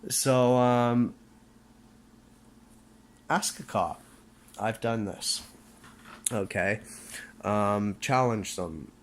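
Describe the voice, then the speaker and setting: A man's voice: lowish voice, drawn-out words, long pauses, a little hiss or hum. A Canadian man ranting emphatically to camera in a preachy tone, often checking in with "okay?" and restarting his words. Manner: fiery, preachy. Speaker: vlogger. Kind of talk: casual rant to camera.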